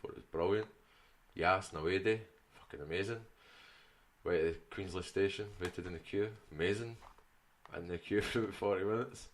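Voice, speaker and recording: A man's voice: low-pitched, normal speed. A man with a Glasgow accent, co-hosting a podcast and telling a sweary story in casual banter. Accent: Glaswegian. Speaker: podcast co-host. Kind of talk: casual chat.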